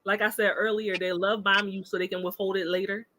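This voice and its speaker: A woman on a podcast, telling stories in a lively, emphatic way in casual chat. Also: medium pitch, fairly quick, low-quality recording. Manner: animated, emphatic storytelling. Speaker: podcast guest discussing relationships.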